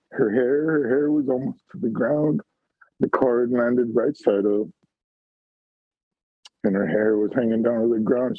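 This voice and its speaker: Husky, gravelly man over a tinny call. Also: medium pitch, dry recording. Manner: raw, halting storytelling, heavy swearing. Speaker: call-in panelist. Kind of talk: personal story told on a call-in stream. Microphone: video call. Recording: tinny phone-like call audio.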